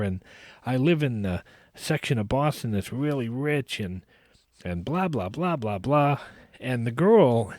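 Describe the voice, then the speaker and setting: A man's voice: medium pitch, dry recording. Man telling a story on a dry mic. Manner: animated anecdote-telling with frequent restarts. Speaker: podcast host. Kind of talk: casual storytelling.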